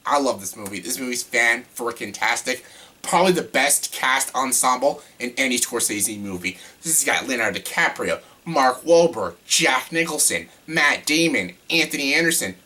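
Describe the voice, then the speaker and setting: A man casually ranking his favorite films in a vlog, gushing and excitable, with casual swearing. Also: mid-range voice, moderate pace. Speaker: movie reviewer.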